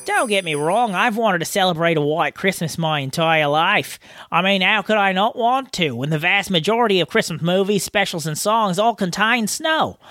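A man's voice: sits high, animated, normal speed, sharp tone, no echo, studio quality. A man putting on an exaggerated Australian accent to read aloud an Australian man's email. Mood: playful. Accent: put-on Australian. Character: Australian man reading his listener email. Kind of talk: reading a listener email aloud.

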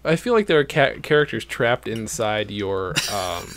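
A man's voice: on the low side, expressive, moderate pace, a bit bright, slight background noise. A man hosting a casual podcast from a home studio, rambling and self-deprecating with lots of jokes and fillers. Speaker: podcast host.

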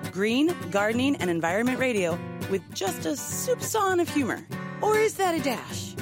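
A woman announcer introduces a radio show in an upbeat, polished way. Her fairly high voice moves lively up and down, and loud plucked-guitar music plays beneath her. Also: normal speed.

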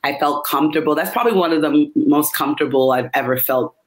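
A man speaking as a guest in a casual interview, relaxed and halting. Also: on the high side.

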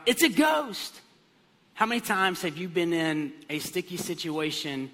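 A man pastor preaching a sermon, telling stories with comic voices. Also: fairly high pitch. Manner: animated storytelling with comic voices. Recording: long hall reverb.

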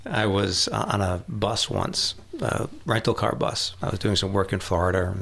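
A man's voice: sits low, gravelly, a bit bright. A middle-aged man from Rhode Island, chatting casually about sales and telling anecdotes, chuckling often. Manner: storytelling, acts out voices, chuckles often. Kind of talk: casual podcast conversation.

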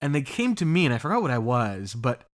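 A man's voice: mid-range voice, sing-song, quick pace. A man co-hosting a podcast in casual chat, laughing often and swearing freely. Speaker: podcast co-host.

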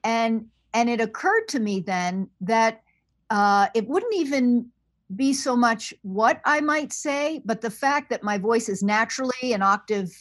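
Woman scholar, podcast guest on a remote line; soft, thoughtful, unhurried, dry sound. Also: a little high, no echo. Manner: soft-spoken, thoughtful, with frequent fillers. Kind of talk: podcast interview over the phone. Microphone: remote call line.

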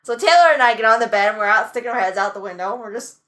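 A woman's voice: a little high, animated, racing, fairly bright tone. A young woman co-hosting a podcast in casual chat, laughing often as she tells stories. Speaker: podcast co-host.

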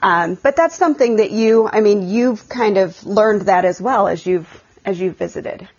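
A woman interviewing a guest, gentle and encouraging in manner. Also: medium pitch, moderate pace, dull audio.

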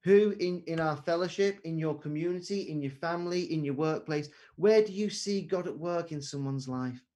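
A man's voice: a little high, warm tone. A man preaching an earnest sermon over a video call, asking rhetorical questions.

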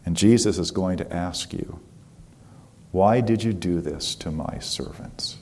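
A man's voice: deep voice, measured pace, a little mellow. A man voicing a frightened devout prisoner woman praying. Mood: bold. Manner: pleading, then preaching boldly.

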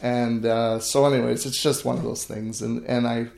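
Recorded in an echoey room, a man with a creaky, darkish, mid-range voice speaks at normal speed with little pitch movement. He's a middle-aged grain farmer telling interview stories, earnest and emphatic, who keeps restarting his sentences.

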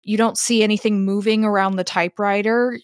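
Game master: woman, descriptive narration that restarts mid-sentence, dry close mic, medium pitch. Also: level tone, a little fast, no room sound.

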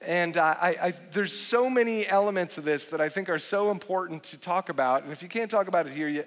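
High-voiced pastor preaching in a big hall. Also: male voice, a little fast. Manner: animated, joking storyteller with frequent restarts. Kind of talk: sermon. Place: large church hall. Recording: long hall reverb.

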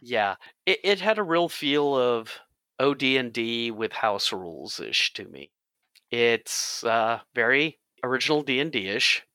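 A man's voice: medium pitch, expressive, a little slow, sharp tone, no room sound. A man hosting a podcast about tabletop games, chatting casually and jokily while he explains the rules. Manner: jokey, explains game rules at length. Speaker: podcast host.

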